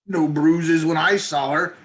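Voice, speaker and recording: Man doing Uhtred, a loud bawdy warrior. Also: a little high, steady tone, unhurried, slightly rough. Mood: boisterous. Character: boisterous hearty male warrior, gruff and bawdy.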